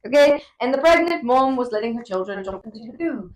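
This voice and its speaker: A woman co-hosting a casual podcast, telling stories in an animated way and laughing often. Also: a little high, fairly quick. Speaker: podcast co-host. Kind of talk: casual chat.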